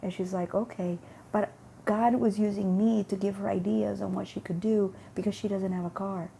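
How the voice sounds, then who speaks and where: Gravelly-voiced woman telling a story. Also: medium pitch, steady tone, moderate pace, warm tone, slight background noise. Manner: rambling, repeats words, acts out dialogue. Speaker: vlogger. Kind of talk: casual storytelling about faith.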